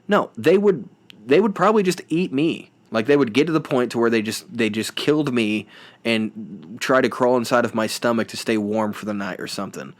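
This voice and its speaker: A man's voice: mid-range voice, normal speed. Rambling podcast host, self-deprecating man. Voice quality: rambling, self-deprecating, frequent restarts and fillers. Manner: playful mimicking of reality show voices.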